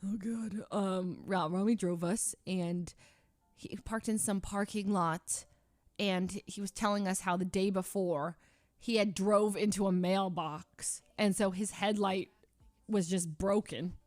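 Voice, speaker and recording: A woman's voice: medium pitch, steady tone, a little slow, a little mellow, no room sound. A young woman streamer chatting casually as she tells a story, rambling with lots of restarts and laughing often. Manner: rambling, heavy use of "like" and restarts, frequent laughter.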